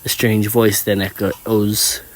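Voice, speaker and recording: Man, low-ish voice, plain steady first-person story narration. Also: slow pace.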